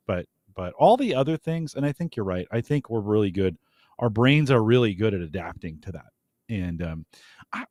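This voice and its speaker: A man's voice: on the low side, a little mellow, no echo, clean studio sound. A man co-hosting a podcast, talking in a conversational, agreeable way with frequent restarts. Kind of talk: casual podcast chat.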